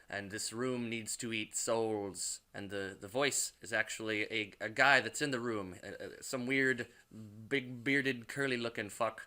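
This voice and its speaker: Dude rambling thru a movie recap, bright voice, swears a lot, says like constantly. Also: male voice, fairly low pitch. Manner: rambling, loose, with lots of "like" and swearing. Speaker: movie reviewer. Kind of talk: casual, profane movie plot recap.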